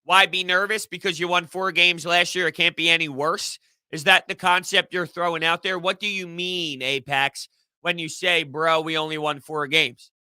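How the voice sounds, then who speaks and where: A man hosting a casual live sports stream, answering chat in an animated, rambling way. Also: fairly high pitch, normal speed, smooth, no echo. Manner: animated, rambling, repeats himself. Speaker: sports podcast host reading live chat.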